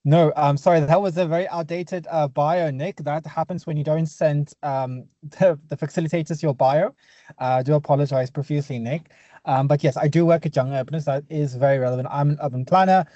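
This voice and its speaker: A man's voice: on the high side, steady tone, mellow, no echo, highs cut off. Young Afrikaans-accented man presenting. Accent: Afrikaans South African. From South Africa. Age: young adult. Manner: earnest, quick, apologetic asides. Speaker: webinar presenter, urban planner. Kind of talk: online webinar presentation. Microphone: video call.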